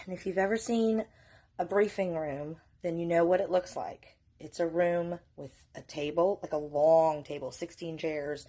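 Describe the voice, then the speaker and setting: Middle-aged mom with a lowish voice telling a storytime vlog, emotional, swears a lot, trying not to cry. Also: female voice, warm tone. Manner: earnest, emotional, candid, with frequent swearing. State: holding back tears. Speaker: mother telling her family's story.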